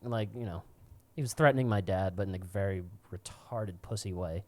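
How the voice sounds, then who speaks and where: A man's voice: sits low, fairly quick, a little mellow. A young man co-hosting a podcast, telling a crude, rambling story with frequent laughs. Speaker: podcast co-host. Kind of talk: casual storytelling.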